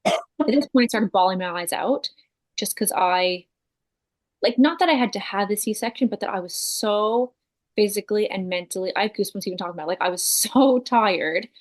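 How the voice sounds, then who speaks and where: A woman in her thirties, a podcast guest, telling a personal story in a casual, animated way, full of fillers and the odd swear word. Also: medium pitch, a little fast. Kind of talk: casual chat.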